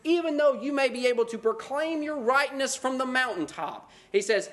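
A man preaching with a high, light voice. He is animated and mocks self-righteous believers with put-on voices between plain stretches of teaching. His pace jumps between quick bursts and slow, weighty phrases. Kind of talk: sermon.

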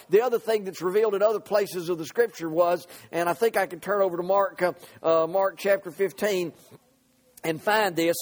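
A man with a fairly high voice preaching a sermon. He stumbles and repeats himself, fills gaps with "uh", and swings between hushed, low lines and sudden shouts. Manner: halting, repeats words, many fillers, swings between soft and shouted lines.

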